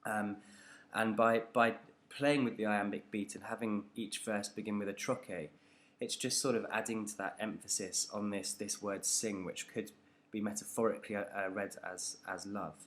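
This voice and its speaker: A man's voice: fairly low pitch, steady tone, moderate pace. A man teaching a poetry analysis lesson, talking it through unscripted and hesitant, with many ums and restarts.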